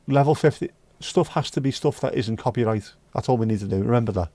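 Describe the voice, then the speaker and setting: A man chats and jokes with his live stream viewers in a loose, bantering way. His voice is mellow and relaxed, recorded close and dry. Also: medium pitch, fast talker, dry recording. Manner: chatty, joking, banters with chat and sings snatches. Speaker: livestream host reading chat. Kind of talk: casual chat.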